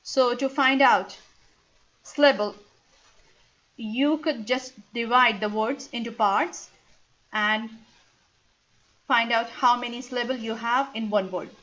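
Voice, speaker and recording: A woman's voice: a little high, fairly even intonation, slow, long pauses, fairly bright tone. A woman teaching an ESL lesson, patiently spelling out letters and breaking words into sounds. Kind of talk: slow explanatory lesson. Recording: dull lo-fi recording.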